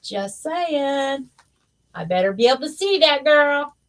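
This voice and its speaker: A woman's voice: sits high, animated, measured pace, a bit bright. Chatty teasing woman crafting on a livestream. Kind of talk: casual chat while crafting.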